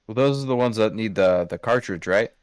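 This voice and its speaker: A man co-hosting a podcast in casual chat, teasing, laid-back and quick with short reactions. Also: lowish voice, clean tone, no room sound, clean studio sound. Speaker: podcast co-host.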